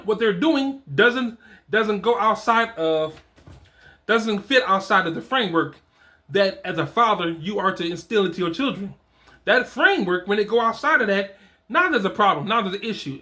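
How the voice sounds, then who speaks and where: Brief: middle-aged man, fatherhood coach, high bright voice, animated and conversational, restarts his phrases as he talks. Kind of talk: casual solo talk reading from a program.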